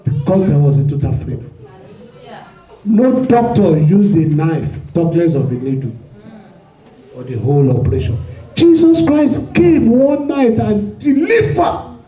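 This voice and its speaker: A man who is a pastor, preaching a sermon with fervor and shouting prayer declarations. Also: high voice, very animated, measured pace, roomy sound, poor audio. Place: church hall.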